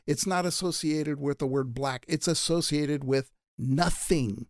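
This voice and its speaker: A man with a somewhat high voice talking emphatically and with strong opinions in casual conversation. The sound is dry and close, with no room echo. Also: unhurried, darkish tone.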